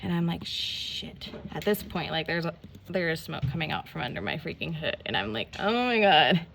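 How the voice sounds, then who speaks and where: A woman telling a rambling, animated story in a casual storytime vlog while she does her nails, full of "like" and mild swearing. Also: low-pitched, fast, slight background noise. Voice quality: gravelly, creaky voice. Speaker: nail vlogger.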